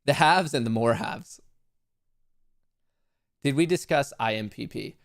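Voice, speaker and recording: Male live-stream host with a gravelly voice and a dry, close sound, rambling through market commentary with jokes. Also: mid-range voice, measured pace, no room sound. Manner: joking, rambling, self-mocking.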